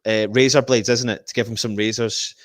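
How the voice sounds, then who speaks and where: A man's voice: medium pitch, fairly quick, no room sound, studio quality. A man hosting a casual fan live stream, reading viewer comments and making match predictions. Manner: animated, reads out viewer comments.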